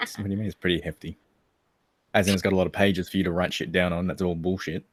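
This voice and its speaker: A man's voice: sits low, little pitch movement, quick pace, no echo, clean studio sound. A man with an Australian accent co-hosting a casual livestream chat, joking, laughing and crude. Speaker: livestream co-host.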